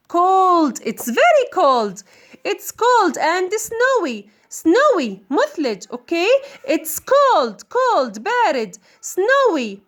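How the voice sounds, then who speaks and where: A woman teaching an English lesson, repeating words and answering her own questions. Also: very high-pitched. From Jordan. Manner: drills words by repeating them, asks questions and answers them herself. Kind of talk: bilingual classroom lesson.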